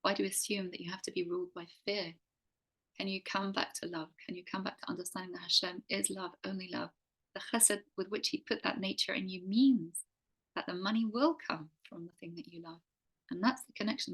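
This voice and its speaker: Gravelly-voiced woman teaching a class. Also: mid-range voice, fairly bright tone, rough recording. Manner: earnest, full of rhetorical questions. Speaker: teacher and coach. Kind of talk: teaching a faith class to a group.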